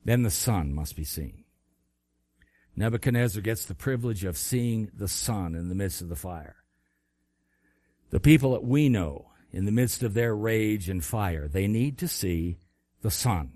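A man preaching a sermon, retelling scripture with big swings between loud, high bursts and quiet, low lines. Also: no room sound. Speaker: pastor.

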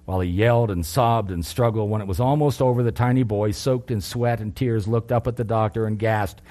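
Low-voiced man preaching a sermon. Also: a little fast, mellow.

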